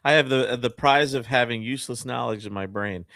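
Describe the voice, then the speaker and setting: A man from New Jersey chatting casually as a guest, laughing often and slipping into falsetto bits. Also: unhurried, vocal fry, a bit bright, dry recording, studio quality. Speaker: guest co-host. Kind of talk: casual chat.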